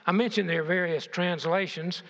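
A man's voice: high voice, steady tone, normal speed, a bit bright. Older man preaching in an echoey hall. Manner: rhetorical questions to the congregation, varied emphasis. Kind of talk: sermon. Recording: dull, echoey church hall.

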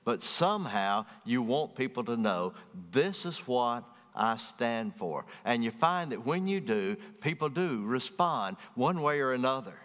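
A man with a Southern drawl preaches in a relaxed, storytelling way, climbing high and loud to make a point before dropping quiet. His voice carries long reverb through a large hall. The recording sounds dull and muffled. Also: measured pace, hardly any pauses. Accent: Southern US (Alabama). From Birmingham, Alabama. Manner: folksy storytelling, rising loud and high for emphasis then dropping soft. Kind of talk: sermon.

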